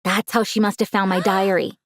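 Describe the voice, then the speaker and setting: A woman's voice: mid-range voice, level tone, fairly quick. A young woman narrating a dramatic first-person story in an earnest way.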